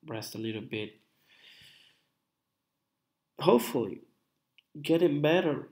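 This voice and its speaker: An Italian-accented man, a native Italian speaker, hosts a casual live stream while he is ill. He talks in a slow, unhurried way and often repeats himself, his delivery drawn out and sickly. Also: medium pitch, creaky. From Italy. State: sounding sick.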